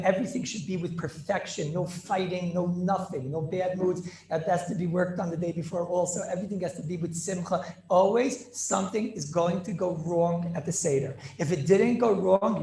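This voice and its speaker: A man teaching a lively Torah class as a rabbi, playful and theatrical, mixing in Yiddish and Hebrew terms. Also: sits high, echoey room, slight background noise.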